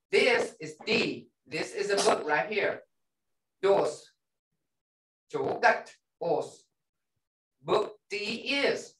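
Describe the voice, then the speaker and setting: A woman teaching a language class, patiently repeating words and checking in with "okay?". She talks slowly with a lively, swinging pitch. Her voice is picked up from a distance in a roomy, echoing classroom. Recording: roomy, off-mic classroom sound.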